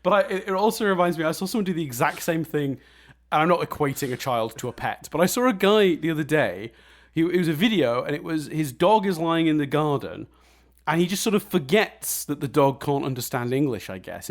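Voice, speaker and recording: A man co-hosting a casual film review podcast, animated and blunt, swearing and laughing often. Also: a little high, fairly quick. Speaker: podcast co-host.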